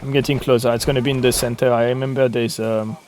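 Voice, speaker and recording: A man's voice: mid-range voice, level tone, fast, a little mellow, slight background noise. Muttering gamer man. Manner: muttering to himself while searching. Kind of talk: casual gameplay commentary.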